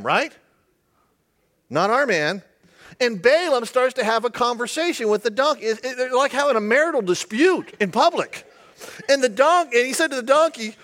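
A man's voice: extremely high pitch, expressive, moderate pace, fairly bright tone. A male pastor giving a humorous, conversational sermon, often asking the audience questions.

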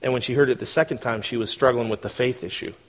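A man preaching a sermon in a conversational, animated way, often asking the congregation questions. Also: medium pitch, fast talker. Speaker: pastor.

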